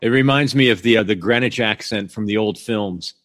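A man hosting an interview podcast, introducing his guest and asking curious, measured questions. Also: fairly low pitch, fairly bright tone. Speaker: podcast host.

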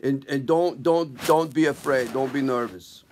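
Man doing a loud, reassuring doctor. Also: mid-range voice, a little slow, a little hiss or hum, close to an everyday voice. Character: reassuring male doctor, businesslike.

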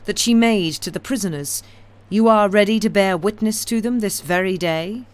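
Cold deliberate revolutionary woman, storybook villain, read by a woman, raised and firm. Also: lowish voice, lively intonation, no echo. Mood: stern. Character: stern vengeful middle-aged woman revolutionary.

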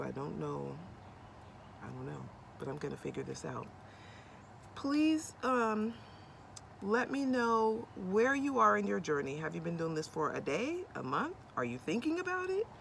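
A woman's voice: lowish voice, vocal fry, a bit bright, slight background noise. A young adult woman chatting casually to camera from inside her van, bubbly and corny, rambling with lots of ums. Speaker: vlogger. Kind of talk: casual vlog chat to camera.

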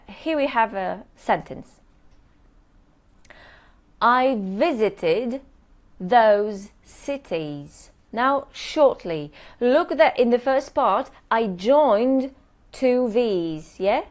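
A woman teaching English pronunciation in a live online workshop, modeling words slowly and checking in with "yes?" after nearly every point. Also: on the high side.

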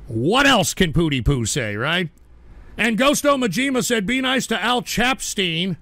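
A male livestream host reading chat aloud, combative, swinging from low mutters to angry shouting. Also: very animated, measured pace, vocal fry, no echo.

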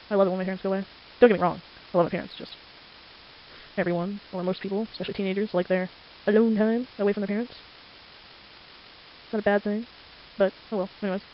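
A teenager talks quickly and rambles, drifting from one thing to the next. The nose sounds stuffy and congested. The home microphone recording is dull and lo-fi, with a faint hiss underneath. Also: mid-range voice. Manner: chatty, rambling, easily sidetracked. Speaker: amateur artist. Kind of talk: casual rambling narration while drawing. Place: home at night. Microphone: desktop microphone.

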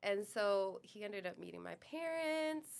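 A woman from New York, a podcast guest, telling a personal story in a chatty way, often trailing off softly. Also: medium pitch, animated, measured pace, gravelly. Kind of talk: casual storytelling.

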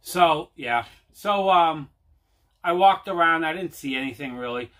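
A man with a somewhat high, bright, forceful voice hosts his own show from home. He rambles through his tale in a loose, chatty way, circling back and stacking up fillers. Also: unhurried. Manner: rambling, repeats himself, many fillers. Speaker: host. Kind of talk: casual storytelling to camera.

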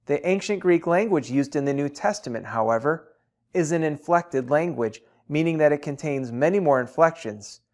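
A man presenting a software tutorial, explaining grammar in a measured, deliberate, teacherly way. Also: fairly high pitch. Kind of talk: scripted explanatory narration.

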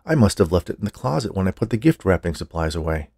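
A man's voice: deep voice, big pitch swings, quick pace, creaky, darkish tone, husky, dry recording, clean studio sound, heavily acted. A man voicing a flustered, absent-minded professor who insists he did the task. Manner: defensive, insistent.

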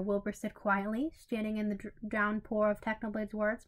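A woman narrating a fanfiction story in an even way, with small slips and restarts. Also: medium pitch, normal speed, few pauses. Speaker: story reader.

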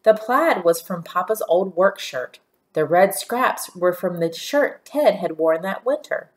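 A woman reading a children's storybook aloud in a gentle, steady storytelling manner. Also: lowish voice, a little slow. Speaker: narrator.

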